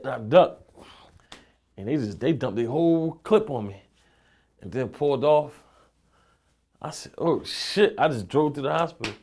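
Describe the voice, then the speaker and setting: A man's voice: on the high side, lively intonation, normal speed, long pauses, darkish tone. A young man from Philadelphia, a rapper being interviewed, telling loose streetwise stories full of profanity and "you know what I'm saying.". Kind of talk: casual interview storytelling.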